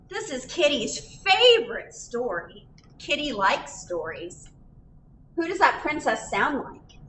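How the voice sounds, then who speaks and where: A woman's voice: a little high, pushed and bright, a little hiss or hum. A woman reading a picture book aloud at a library storytime, sing-song and full of questions for the children. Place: library room. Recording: roomy echo.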